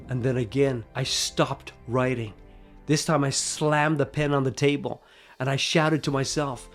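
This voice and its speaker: A man telling a personal faith story in an expressive, dramatic way, moving between hushed and emphatic delivery. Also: medium pitch, unhurried, soft background music.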